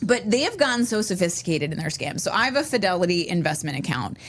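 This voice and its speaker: A woman's voice: lowish voice, very animated, quick pace, slight background noise. A young adult woman co-hosting a podcast, telling a story in casual chat, full of fillers and restarts. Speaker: podcast co-host.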